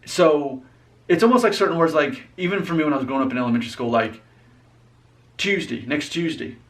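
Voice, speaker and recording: Here a young Alabama vlogger with a voice on the high side, a bit bright, talks casually while explaining things. His style is easygoing, rambling, and teasing, and he sits a little off-mic.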